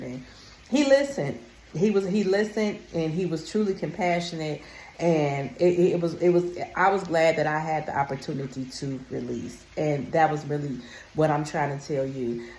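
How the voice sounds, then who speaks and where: A woman's voice: lowish voice, normal speed, a little mellow, echoey room, slight background noise. A woman vlogger talking casually and emphatically to her viewers, calling them honey. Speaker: wellness vlogger. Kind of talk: casual talk to camera.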